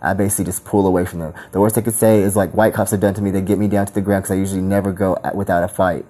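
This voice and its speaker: A man delivering a crude, combative rant full of repeated insults. His voice sits low with a dark, mellow tone. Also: flat delivery, very fast. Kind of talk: angry profane rant.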